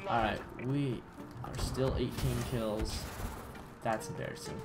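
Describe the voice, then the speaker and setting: A man giving chatty, excitable commentary on his own gameplay, with bursts of surprise and self-mocking asides. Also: medium pitch, a little slow. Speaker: gaming YouTuber. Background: background music.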